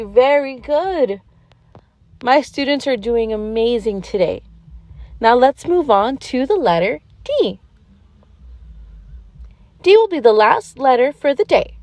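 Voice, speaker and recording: A woman voicing a gentle, patient gazelle schoolteacher who leads a preschool letter lesson in a sing-song, encouraging way and praises often. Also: high-pitched, big pitch swings, measured pace, pauses often, no room sound. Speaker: preschool teacher.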